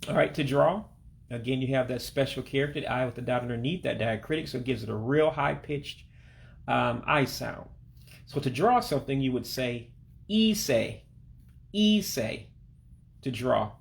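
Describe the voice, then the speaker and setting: Guy doing a slow patient language lesson voiceover, kinda gravelly voice, says every word twice. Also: medium pitch. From Alabama, United States. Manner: patient, repeats each word slowly and carefully. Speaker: language teacher. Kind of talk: self-recorded language lesson. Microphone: voice-over to pictures and on-screen text.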